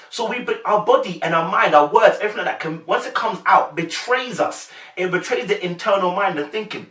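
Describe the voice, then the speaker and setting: A man's voice: high voice, bright, forceful tone, distant mic. A young man with a London accent giving casual, chatty commentary straight to his viewers, full of slang. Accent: London English. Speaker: reaction commentator. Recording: echoey room, voice a bit off-mic.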